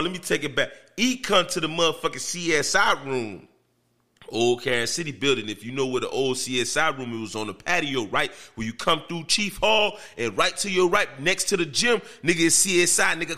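A man, a podcast host, telling a story in casual chat in an animated, profane and emphatic way. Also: on the high side. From Miami, Florida.

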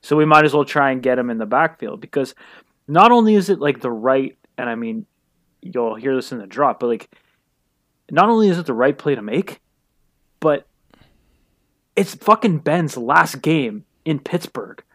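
A man's voice: mid-range voice, expressive, normal speed, pauses often, fairly bright tone, dry recording, studio quality. A man co-hosting a podcast in casual chat, making his points emphatically and swearing a lot. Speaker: podcast co-host.

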